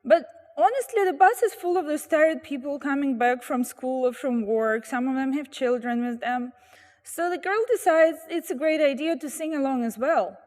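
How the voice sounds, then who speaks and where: A woman tells lively anecdotes outdoors by a street corner, slipping into the voices of the people in her stories. Her voice sits high, and a long reverb trails behind it. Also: moderate pace. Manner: animated, acts out quoted voices. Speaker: storyteller guest. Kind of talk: anecdotal storytelling.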